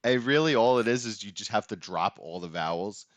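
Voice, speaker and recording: Deep-voiced young man, laughing and rambling. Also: expressive, fairly quick, lo-fi sound, a little hiss or hum. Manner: laughing, rambling, swears casually. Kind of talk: casual chat.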